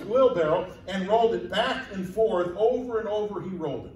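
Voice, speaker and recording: A man preaches a folksy sermon in a high, bright register. He is picked up by a mic some distance away in an echoey church sanctuary, with a faint hiss of room noise behind him. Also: expressive, normal speed. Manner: folksy storytelling, acting out voices in quotes. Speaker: pastor.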